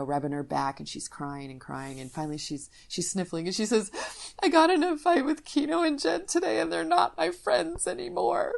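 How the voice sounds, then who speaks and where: A woman's voice: sits low, creaky, a little mellow. A middle-aged woman hosting a parenting podcast, teaching and telling candid family stories with frequent restarts. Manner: candid, storytelling, self-interrupting restarts. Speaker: podcast host, parenting coach.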